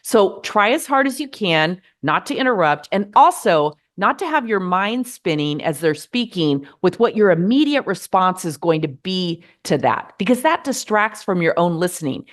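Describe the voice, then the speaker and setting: A middle-aged woman from the United States hosting a podcast, giving earnest, measured advice in a gently encouraging monologue. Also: on the low side, sing-song. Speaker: podcast host.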